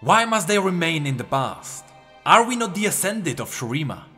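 A man's voice: on the high side, very animated, normal speed, pushed and bright, slightly rough, faint music behind, full character voice. A man playing a grandiose, hectoring god. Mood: impassioned. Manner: hectoring, impassioned.

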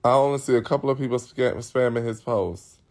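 A man's voice: mid-range voice, a little fast, a little mellow. A man hosting a live stream, talking casually to his viewers in a blunt, profane and rambling way.

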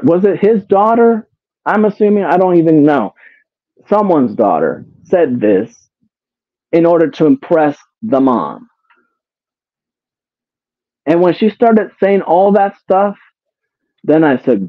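A man's voice: sits high, animated, a little slow, no echo. A man giving casual commentary to his live chat, exasperated, swearing and repeating himself as he keeps throwing rhetorical questions at his viewers. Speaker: commentary streamer. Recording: tinny phone-like sound, dry.

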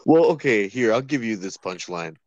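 A man's voice: on the low side, lively intonation, moderate pace, dry recording, highs cut off. A young man co-hosting a podcast in a laid-back way, with chuckling asides. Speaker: podcast co-host. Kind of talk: casual chat.

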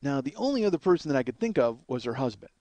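A man's voice: medium pitch, quick pace, no room sound. A man hosting a show as a comedian, telling a flustered, swear-laden comic story in a casual monologue. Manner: animated, swears freely, flustered retelling. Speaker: comedian host.

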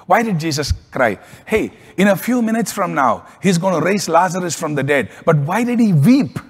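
Husky pastor preaching in a hall. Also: male voice, normal speed. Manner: storytelling with lively swings in pitch and volume. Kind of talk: sermon.

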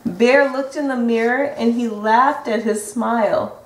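A woman reading a picture book aloud to children in a gentle, sing-song way. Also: a little high, fairly even intonation, unhurried. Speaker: storybook reader. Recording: roomy echo from a distant mic.

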